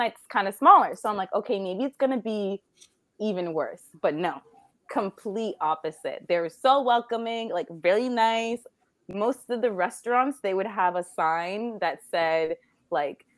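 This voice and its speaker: Woman, Canadian accent, quick chatty tutor, video call, dry sound. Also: mid-range voice, dry recording. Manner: fast, chatty, laughs often. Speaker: English tutor. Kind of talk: casual chat on a video call.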